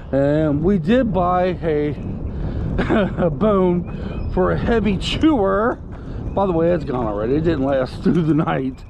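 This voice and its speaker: A man's voice: a little high, vocal fry, noisy background. A man telling a story casually to camera, indignant and rambling, breaking off to give commands to his puppy. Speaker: vlogger.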